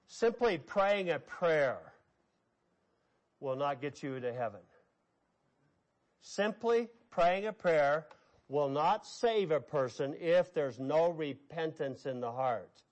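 A man delivering a sermon in a fairly high voice. He talks with emphasis, hammering phrases over and over, dropping low and slow on key lines before pushing up again. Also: lively intonation, low-quality recording. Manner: emphatic, repeating key phrases with rising and falling intensity. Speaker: preacher.

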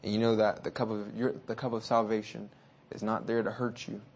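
A man with a slightly low voice delivers an evening sermon. He drops to near-whispers and then surges louder as he presses his listeners with questions. He slows right down when reading scripture aloud. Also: level tone, slightly rough. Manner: swings between hushed and loud, exhortative; reads scripture slowly and deliberately. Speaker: preacher.

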